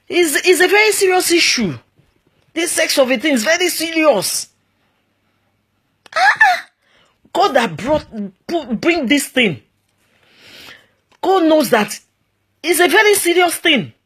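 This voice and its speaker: This woman's husky, mid-range voice carries a Nigerian accent as she offers marriage advice. Her monologue is animated and emphatic, repetitive and packed with exclamations and pidgin expressions.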